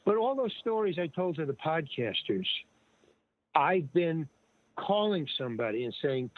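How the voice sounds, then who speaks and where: A man's voice: high voice, animated, normal speed, no room sound. An older man telling stories in a rambling, digressive way, often restarting and quoting other people. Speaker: guest. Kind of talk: rambling casual storytelling. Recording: tinny phone-like line, dry.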